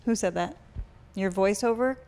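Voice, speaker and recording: A woman's voice: mid-range voice, normal speed. Teasing woman podcast host. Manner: teasing, loud bursts of mock outrage. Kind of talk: casual banter.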